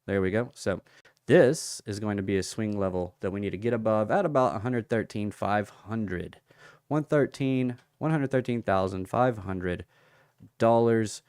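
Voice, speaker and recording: A crypto livestream host with a lowish, smooth, clear voice does casual chart analysis at a measured, unhurried pace, greeting viewers by name, reading out their comments, and thinking aloud over price levels. He's chatty and relaxed, and the sound is dry and close with no echo or room around it.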